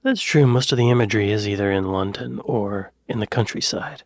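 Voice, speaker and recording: An American man reacting to a video, musing out loud with hesitant, chuckling asides. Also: on the low side, brisk, hardly any pauses, dry recording, studio quality. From United States. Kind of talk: casual reaction commentary.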